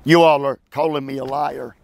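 A man's voice: mid-range voice, steady tone, creaky, no echo. Emphatic preaching man, dry close sound. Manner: emphatic, preacherly, calls for amens; halting restarts and repetitions. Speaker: Bible teacher. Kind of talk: expository Bible teaching.

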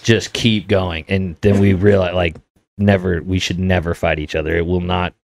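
A man with a very low voice spins a story on a casual podcast. He swears freely and keeps a loose, laid-back storytelling manner. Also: level tone, moderate pace, gravelly. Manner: profane, laid-back anecdote telling. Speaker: podcast host.

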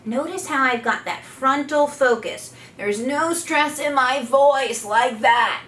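Speaking slowly in a high voice, a female voice therapist walks listeners through exercises and performs every one aloud, holding loud vowels. Faint background noise and an echoey room color the recording.

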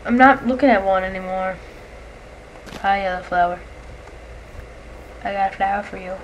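A woman giving casual gameplay commentary, excitable and chatty, yelling and shrieking when monsters attack and chatting to the creatures. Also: mid-range voice, normal speed, dull audio, slight background noise. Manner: excitable, shrieks and yells at enemies; chatty, talks to game creatures. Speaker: let's play gamer.

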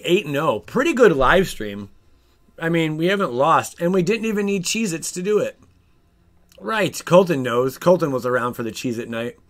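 A man streaming a card game live, chatting with viewers in an excitable, jokey way. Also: a little high. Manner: excitable, jokey, talks to chat. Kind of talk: casual live stream commentary.

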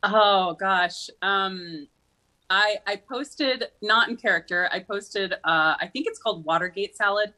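Bright chatty Midwestern woman. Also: medium pitch, a little slow. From Minnesota. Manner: chatty, giggly storytelling. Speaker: guest, social media creator. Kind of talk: TV talk show interview.

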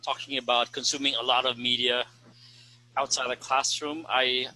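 Bright-voiced man explaining teaching tips. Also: mid-range voice, level tone, moderate pace, no echo, rough recording. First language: Tagalog. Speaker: host and ESL teacher. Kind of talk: casual panel discussion.

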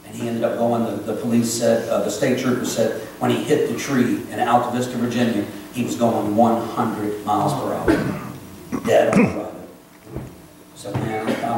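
A man preaching an emotional sermon, swinging between loud pleas and hushed confessions, in a church sanctuary. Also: mid-range voice, little pitch movement, moderate pace, a little hiss or hum. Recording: echoey church from a distant mic.

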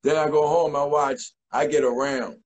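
A man in his forties, a guest in a casual interview, telling stories in an animated way and acting out quotes. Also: fairly high pitch, normal speed, rough recording. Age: 40s. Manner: animated, acts out voices and quotes.

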